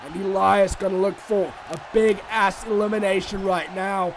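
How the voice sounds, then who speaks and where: High, excitable man shouting game commentary. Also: moderate pace, few pauses, a faint crowd, a little hiss or hum. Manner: excitable and shouty, swinging between rants and mock outrage. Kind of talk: excited solo commentary over a wrestling video game.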